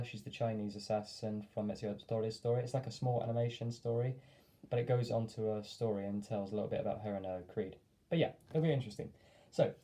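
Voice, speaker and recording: A man's voice: medium pitch, warm tone, rough recording. A man telling a casual story to camera, rambling with lots of fillers and friendly asides. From England. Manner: rambling, many fillers and hedges, friendly sign-off. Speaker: vlogger.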